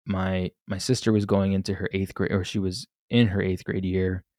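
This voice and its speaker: A man's voice: sits low, flat delivery, moderate pace, darkish tone, no echo, studio quality. A young man hosting a solo podcast, telling his story candidly and with a lot of swearing, full of restarts. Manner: candid, profane, rambling with restarts. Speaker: podcast host.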